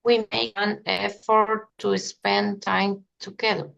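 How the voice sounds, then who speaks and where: A woman's voice: medium pitch, level tone, slow, gravelly, fairly bright tone, lo-fi sound. A woman who is a Spanish-speaking student, hesitantly searching for words in English class.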